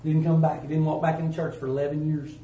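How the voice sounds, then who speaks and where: A man preaching a sermon in a folksy, emphatic way, swinging from loud to hushed. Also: fairly high pitch, level tone, fast, slight background noise. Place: church. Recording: roomy church sound from a distance.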